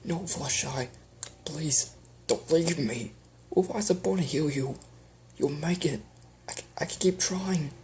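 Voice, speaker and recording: A man's voice: fairly high pitch, measured pace, long pauses, darkish tone, a little hiss or hum, pitched above the performer's own voice, low-quality recording. A man voicing a grieving male chaos spirit who pleads desperately and breaks into strained whispers. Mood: pleading grief.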